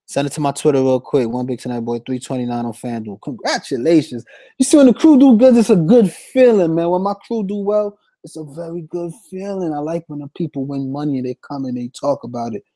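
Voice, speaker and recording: With a fairly high, warm and mellow voice, a young man chats briskly on a fantasy sports stream in a slangy, animated way. The audio is close and dry with little room sound and no echo, and he keeps reading the chat and giving shout-outs.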